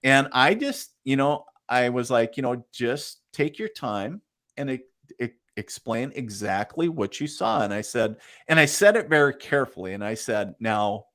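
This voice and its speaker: A man's voice: medium pitch, normal speed. A man being interviewed as a psychic medium, telling stories casually and acting out what people said. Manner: animated storyteller, acts out quotes, laughs often.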